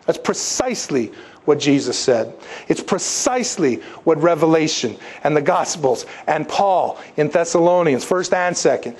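A man preaching a sermon, emphatic and animated, posing rhetorical questions to his listeners and slipping into stories. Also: fairly high pitch, moderate pace, slightly rough. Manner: animated storytelling with asides. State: congested, needing tissues. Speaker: pastor.

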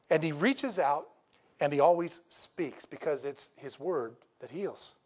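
A man preaching a sermon, telling the story in a humorous, animated way and acting out the dialogue casually. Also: a little high. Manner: acts out dialogue in a casual, jokey way. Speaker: pastor.

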